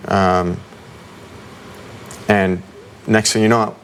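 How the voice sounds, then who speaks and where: Low-voiced man recounting an ordeal, halting. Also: flat delivery, slight background noise. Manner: halting, with many ums and restarts. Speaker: interview guest.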